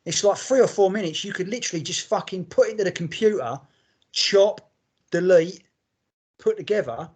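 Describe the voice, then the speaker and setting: A man's voice: high voice, expressive, moderate pace, darkish tone, slightly rough. A man co-hosting a casual podcast, blunt and matey, swearing often. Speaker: podcast co-host. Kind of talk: casual chat.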